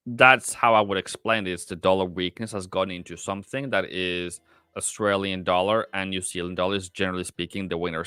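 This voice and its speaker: A man's voice: sits low, sharp tone, clear, resonant tone, no room sound, clean studio sound. A man hosting a live trading stream, thinking aloud with many fillers and answering the chat in casual commentary. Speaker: livestream forex trader and host.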